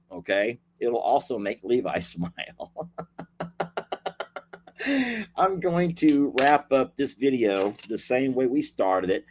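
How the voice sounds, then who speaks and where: A man's voice: mid-range voice, sing-song, slow, darkish tone, breathy edge. A man hosting a casual video, chatting playfully and repeating himself as he signs off. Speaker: host.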